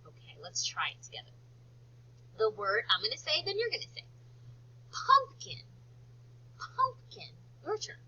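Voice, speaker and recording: A woman teacher leading a slow phonics lesson for young children, stretching out words for them to repeat and praising them often. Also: fairly high pitch, huge pitch swings, pushed and bright, slightly rough, lo-fi sound. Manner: slow, drawn-out word modelling and encouraging praise.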